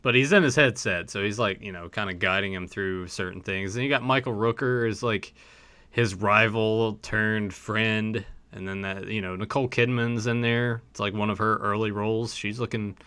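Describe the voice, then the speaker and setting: A man with a mild Southern accent from the American South hosts a relaxed, halting livestream chat. His pitch is fairly low, his tone clean, and there's no room sound.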